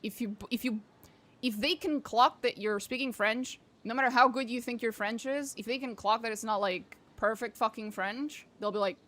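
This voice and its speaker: A woman's voice: on the high side, normal speed, a bit bright. A young woman streaming a game, chatting casually with her viewers, swearing and laughing often. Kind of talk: casual chat while gaming.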